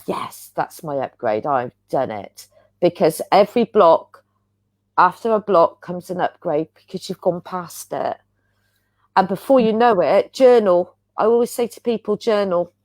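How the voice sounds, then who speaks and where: A woman's voice: fairly low pitch, a little slow, darkish tone, no echo. A woman, a guest healer, talking in an earnest, rambling, chatty way about spiritual practice over a video call. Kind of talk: casual spiritual chat.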